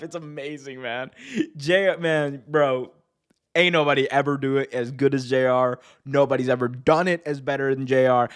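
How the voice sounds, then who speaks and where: A man hosting a wrestling podcast in casual chat, excited and laughing, stumbling over restarts and shouting out commentators' famous lines. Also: a little high, normal speed, clear, resonant tone.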